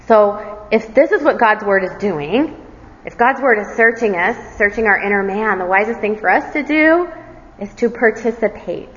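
A woman preaching an expository sermon, earnest in tone with self-deprecating asides. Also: medium pitch. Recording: reverberant hall, dull lo-fi sound.

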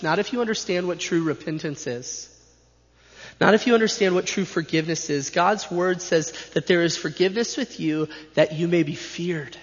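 Man preaching in an echoing hall. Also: fairly high pitch. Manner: emphatic, repetitive preaching cadence. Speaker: pastor. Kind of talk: sermon. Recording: dull sound with long hall reverb.

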